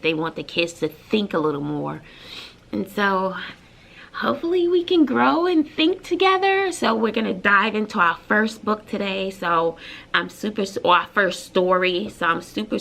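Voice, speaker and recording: A woman's voice: lowish voice, vocal fry, a bit bright. A woman from Brooklyn, a middle school teacher, talking casually in a vlog, bubbly and emotional with lots of fillers. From Brooklyn, New York.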